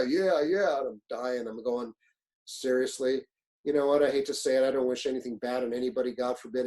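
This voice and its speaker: A middle-aged man with a mid-range voice presents his own webinar on fire service leadership, and the recording is low quality. Through his stories he's animated, blunt and profane, acting out what people said.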